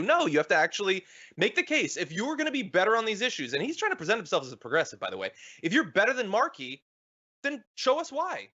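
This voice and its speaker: A man hosting a political commentary show, animated and quick with asides. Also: sits high, lo-fi sound. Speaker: host.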